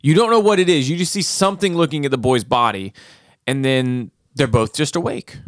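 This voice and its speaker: A man's voice: medium pitch, fairly quick, no echo, studio quality. A man on a casual podcast, tipsy from beer, animatedly retelling a horror film's ending and acting out the characters' lines. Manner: animated storytelling, acting out quotes. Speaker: podcast co-host. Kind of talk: casual movie recap chat.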